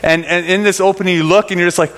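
Middle-aged male storyteller, animated and rambling, slightly high-pitched, with long hall reverb. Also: rapid-fire. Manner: animated, rambling storyteller with many fillers and restarts. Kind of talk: personal storytelling to an audience.

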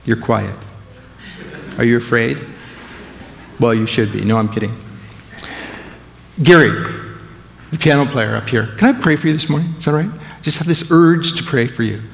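A man preaching a sermon and praying over a congregation, swinging between loud emphatic lines and hushed, intimate phrases. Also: mid-range voice, vocal fry, in a large hall. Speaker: guest preacher. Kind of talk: sermon and prayer. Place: church sanctuary.

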